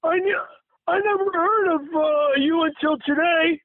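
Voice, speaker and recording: A man imitating an exasperated middle-aged woman who calmly tries to placate someone, heard over a tinny phone line. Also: very high voice, unhurried, no room sound, voice pushed up. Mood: placating. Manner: calm, placating, bewildered.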